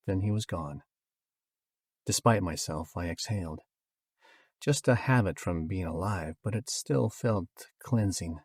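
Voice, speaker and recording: Male audiobook narrator, husky voice, dry studio sound, wry storytelling delivery. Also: low voice, moderate pace, a little mellow, no room sound.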